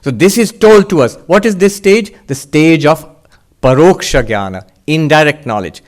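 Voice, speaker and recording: A monk lectures on spiritual teaching in a fairly high male voice. He builds his ideas step by step, asks rhetorical questions and answers them, and speaks his listeners' doubts aloud. He often breaks into a short chuckle. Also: lively intonation, moderate pace.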